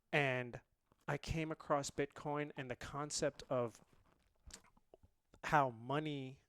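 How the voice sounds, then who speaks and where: A man in his late twenties, originally from India, telling a story as a podcast guest in a lively, laughing way. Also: medium pitch, dry recording. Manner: animated, laughs often. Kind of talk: casual storytelling.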